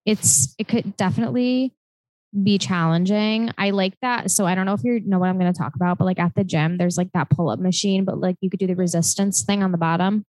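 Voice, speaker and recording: A woman's voice: fairly low pitch, steady tone, fairly quick, a little mellow, dry recording, rough recording. A young woman co-hosting a podcast, chatting casually and loosely with lots of filler words. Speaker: podcast co-host. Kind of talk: casual chat.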